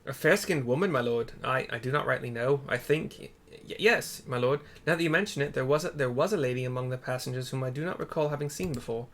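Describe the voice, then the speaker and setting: A man's voice: medium pitch, quick pace, hardly any pauses, a bit bright, close to an everyday voice. A man reading out the lines of a nervous, stammering ferry captain in a video game who keeps deferring to his lord.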